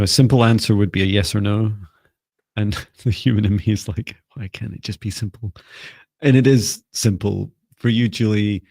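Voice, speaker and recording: A man giving live spiritual readings and energy clearings, speaking slowly and soothingly. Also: lowish voice, darkish tone, no echo, studio quality. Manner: slow, soothing, meditative. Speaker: spiritual reader.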